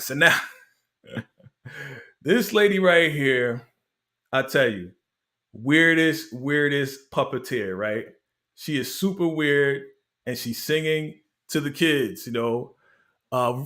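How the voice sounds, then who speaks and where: A man's voice: mid-range voice, fairly bright tone. A man hosting a casual show recap, telling it like a story in slangy talk and laughing often. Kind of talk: casual review chat.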